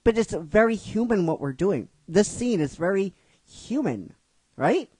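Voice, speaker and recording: Slow, rhetorical man narrating his script. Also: high voice, sing-song, a little mellow, slightly rough, no echo. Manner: rhetorical, keeps asking "right?", repeats himself. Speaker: writer narrating his own fan script. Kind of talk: casual storytelling commentary.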